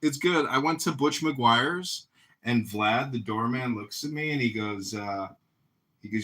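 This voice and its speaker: A man's voice: mid-range voice, a little slow. A young man in casual chat, a candidate animatedly telling stories and acting out other people's lines. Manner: animated storytelling, acts out quoted voices loudly. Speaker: mayoral candidate.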